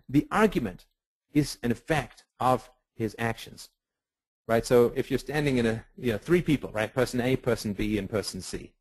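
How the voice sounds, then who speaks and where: A man giving a webinar lecture on ethics, animated and rhetorical, acting out the voices of people he quotes. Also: mid-range voice, husky, no room sound, rough recording. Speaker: webinar speaker.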